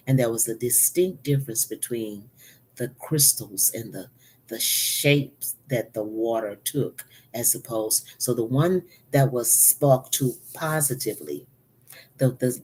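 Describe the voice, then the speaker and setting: A woman's voice: extremely low pitch, warm tone, slightly rough. A woman prophet giving an earnest sermon, repeating phrases for emphasis and now and then dropping to a whisper. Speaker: prophet and preacher. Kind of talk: spoken sermon teaching.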